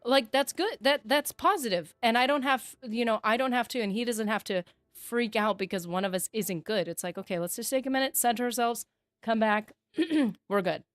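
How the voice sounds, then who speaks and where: A woman's voice: fairly high pitch, normal speed, no echo. A woman streaming a game, chatting with her viewers in a reflective, talkative way. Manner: chatty and reflective, reads chat aloud. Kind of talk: casual livestream chat.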